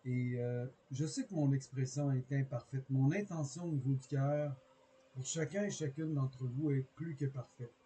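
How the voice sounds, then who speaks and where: A man giving a short, sincere spoken introduction to a video, slightly halting. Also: mid-range voice, fairly even intonation, warm tone, a little hiss or hum, low-quality recording.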